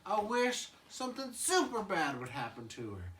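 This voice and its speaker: A man doing nervous toddler Chucky, squeaky high. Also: wildly swooping pitch, normal speed, a bit bright, far from the mic, slight background noise, heavily acted. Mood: worried. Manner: high, worried and hesitant. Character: timid anxious toddler boy, Chucky.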